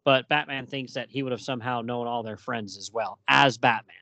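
A man's voice: mid-range voice, a little fast, sharp tone, no room sound. A man hosting a casual chat about comic books, often laughing and acting out the lines he quotes. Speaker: podcast host.

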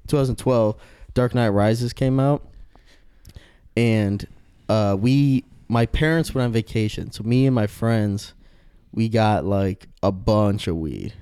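A young man chatting on a podcast, rambling through a story with lots of fillers and swearing. His voice is mellow and dark, and the sound is dry and close. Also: lowish voice, slow, clean tone, no room sound. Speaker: podcast host. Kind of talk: casual podcast chat.

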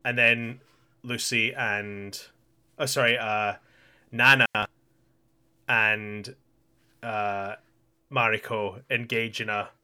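A man's voice: on the low side, steady tone, slow, long pauses, pushed and bright, smooth. A man co-hosting a podcast, casually recapping an anime in a chatty way with frequent laughs and restarts. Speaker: podcast co-host.

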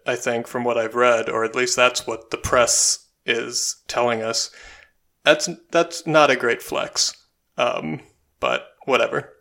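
A man's voice: mid-range voice, vocal fry, fairly bright tone. A man co-hosting a podcast, giving opinionated film reviews in casual chat, with frequent ums and likes. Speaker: podcast co-host.

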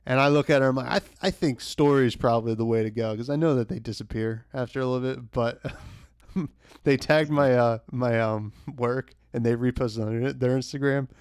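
A man's voice: mid-range voice, fairly even intonation, moderate pace, a little mellow, clean tone, no echo, studio quality. A young man telling a rambling work story in a casual podcast chat, with lots of fillers and laughs. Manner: laid-back, rambling, laughs often, many fillers.

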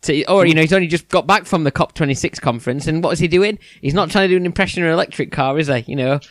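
A man's voice: fairly high pitch, rapid-fire, no room sound, studio quality. A man co-hosting a casual news chat, hesitant with many restarts. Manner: hesitant, lots of restarts and fillers. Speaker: podcast co-host.

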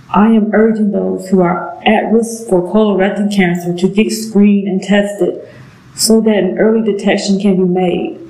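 A middle-aged woman giving an earnest, emotional personal testimony, halting now and then with pauses. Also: medium pitch, warm tone. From southern United States. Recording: echoey room.

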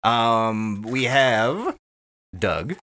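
Lively bright-voiced young game master. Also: male voice, mid-range voice, drawn-out words. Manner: laughs a lot, swears casually. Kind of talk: casual tabletop game chat.

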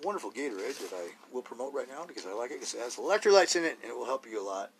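A man's voice: mid-range voice, sing-song, rapid-fire, a little hiss or hum. A man hosting a solo podcast, talking bluntly and rawly in a rambling way, full of rhetorical questions. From Idaho, US. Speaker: podcast host.

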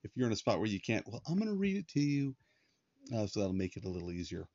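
Male podcast host, fairly low voice, relaxed Bible teaching; dull, dry, lo-fi recording. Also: quick pace, dry recording. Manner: conversational, with frequent fillers and restarts.

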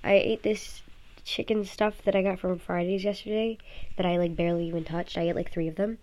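A woman's voice: lowish voice, steady tone, fairly quick, a little mellow. A tired teenage girl at home rambling through a casual vlog into her phone, talking in loose run-on thoughts full of "like" and "um". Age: teens. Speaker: vlogger. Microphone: phone app recording.

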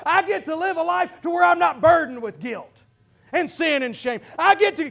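A pastor with a Midwestern American accent preaching a fervent sermon, often breaking into shouts and calling out to his congregation. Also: very high-pitched, expressive, normal speed, vocal fry.

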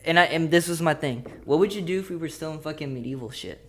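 A man's voice: fairly high pitch, fast talker. Man, laid-back, casual chat, swears, says bro.

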